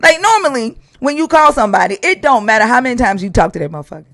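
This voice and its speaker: A man with a high, insistent voice cross-examines a caller on his live stream. He curses constantly and hammers the same question over and over. The sound is dry and close to the mic. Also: very animated, quick pace, a bit bright, no room sound. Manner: profane, interrogating, repeats questions insistently. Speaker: stream host. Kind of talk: heated debate on a live stream.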